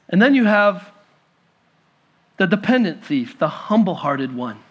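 A male pastor preaching a sermon to a congregation, rising to emphatic peaks and dropping to hushed pleading. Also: a little high.

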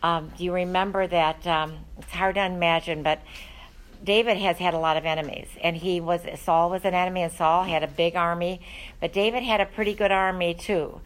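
A woman's voice: lowish voice, fairly even intonation, fairly quick, rough recording. A woman teaching a Bible study, talking in an earnest, conversational way with frequent ums and uhs.

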